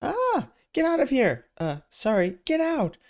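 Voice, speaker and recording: A man voicing a startled woman in a towel, shouting in shrill panic while reading a comic aloud. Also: huge pitch swings, unhurried, heavily acted. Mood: shrieking.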